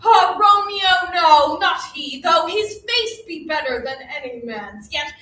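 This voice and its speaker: A woman plays a rambling, fussy old nurse on a stage. The voice is very high, slow and bright, full of dramatic groaning and complaint. It comes from a distance in an echoey hall with faint noise behind. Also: animated, heavily acted. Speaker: amateur stage actor. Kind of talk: unrehearsed stage reading. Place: theater stage.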